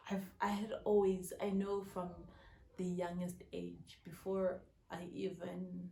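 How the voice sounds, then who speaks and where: A young woman in her twenties with a South African accent, telling a story in an excitable, chatty vlog style at home. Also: fairly low pitch, takes it slowly, vocal fry. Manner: excitable, many fillers like "yo, guys". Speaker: vlogger. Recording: roomy echo.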